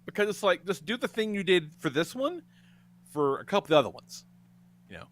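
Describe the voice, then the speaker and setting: A male podcast host telling a story in casual chat, animated, often laughing and swearing. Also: sits high, brisk.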